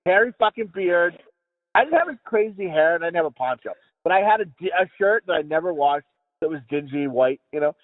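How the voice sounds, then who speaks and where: A man with a fairly high voice tells a casual comic story, swearing freely and restarting his sentences as he goes. The sound is dry and close, narrowed like a phone line. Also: animated, a little fast, no room sound. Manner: rambling, profane, many restarts. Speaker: podcast co-host.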